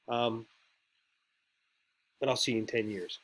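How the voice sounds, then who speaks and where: A man teaching speechwriting in a loose, rambling way, full of ums and you-knows. His voice sits at an ordinary middle pitch, and he talks to the class conversationally rather than reading from a script. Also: steady tone, a little hiss or hum. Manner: rambling and conversational, with filler words and quick impressions. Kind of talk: casual lecture on speechwriting.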